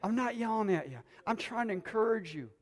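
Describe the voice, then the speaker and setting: A man preaching a sermon to a congregation in a church, excited and close to yelling as he exhorts his listeners. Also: sits high, a little fast. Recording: long hall reverb.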